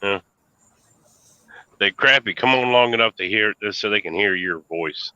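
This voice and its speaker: Man, light Southern US accent, casual chat, low pitch, dull lo-fi mic. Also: pushed and bright, clean tone, no room sound. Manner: quizzing, halting restarts.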